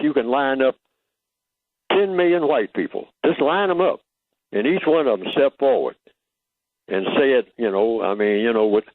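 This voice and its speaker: A man's voice: mid-range voice, no room sound. An older man speaking as a guest on a radio talk show, teaching emphatically and asking rhetorical questions. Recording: tinny phone line, dry.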